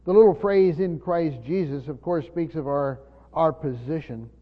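A man's voice: on the high side, normal speed. A man preaching a sermon in an earnest teaching tone, speaking straight to his congregation. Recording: dull lo-fi sound with long reverb of a large hall.

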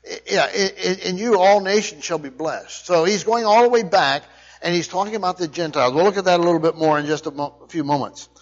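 A man's voice: high voice, a little fast, muffled recording. A man preaching a verse-by-verse Bible lesson who explains each point and puts questions to his listeners. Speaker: Bible teacher. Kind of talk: verse-by-verse sermon teaching.

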